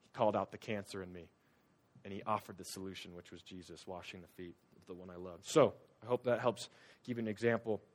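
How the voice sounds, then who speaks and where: A young man preaching a sermon in a conversational storytelling way, swinging from loud, urgent bursts to quiet, low-voiced confiding. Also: steady tone, quick pace. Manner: conversational storytelling with casual fillers.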